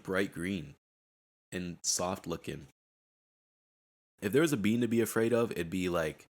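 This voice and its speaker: A man's voice: low voice, darkish tone. A young man hosting a casual solo podcast, rambling in a laid-back way and laughing at himself. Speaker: podcast host. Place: at home.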